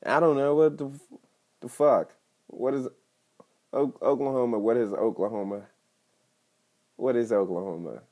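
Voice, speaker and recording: A young man rambling and swearing through a solo podcast episode, cracking crude jokes and breaking into sudden loud outbursts. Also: mid-range voice, steady tone, normal speed, pauses often. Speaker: podcast host and stand-up comedian. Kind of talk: casual rambling monologue.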